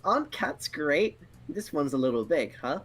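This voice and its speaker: A woman's voice: sits low, sing-song, moderate pace, slightly rough. A woman chatting hesitantly and apologetically on a game stream with friends. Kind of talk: casual game stream chat.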